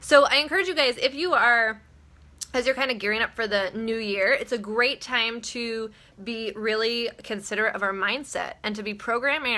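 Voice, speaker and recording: A woman's voice: medium pitch, pushed and bright. A woman hosting her daily live video, giving casual motivational talk in a chatty, blunt way, swearing freely and laughing often.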